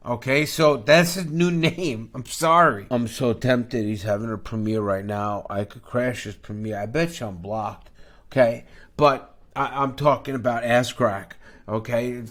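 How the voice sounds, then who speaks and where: A man's voice: on the high side, a bit bright. Brash joking man hosting a finance show. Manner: brash, jokey, jumps between topics. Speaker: finance channel host. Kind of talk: rambling podcast-style monologue.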